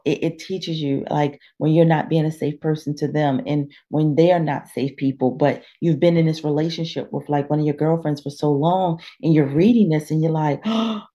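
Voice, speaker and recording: A woman life coach speaking as a guest in a conversational interview, animated and preacherly, often acting out inner dialogue. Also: low voice.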